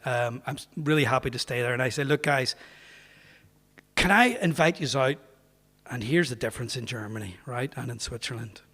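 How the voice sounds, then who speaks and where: A man with a Northern Irish accent, a pastor telling a humorous story to an audience in a chatty, anecdotal way. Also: mid-range voice. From Northern Ireland. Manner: anecdotal, chatty, acts out quoted voices. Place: parish hall. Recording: reverberant parish hall.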